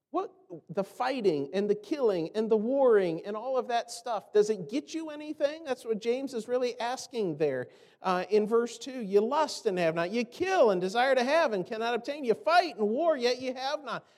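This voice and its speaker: A man's voice: very high voice, expressive, moderate pace, a little mellow, big-room sound. A man preaching a sermon in a conversational way, asking rhetorical questions and acting out the complaints he quotes. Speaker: pastor.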